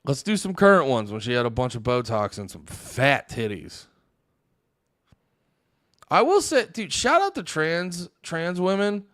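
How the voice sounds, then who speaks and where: A man's voice: a little high, sing-song, unhurried, fairly bright tone, no room sound, studio quality. A young man hosting a livestream, ranting and swearing heavily as he talks back to his chat. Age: young adult. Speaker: livestream host. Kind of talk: casual stream commentary reacting to chat.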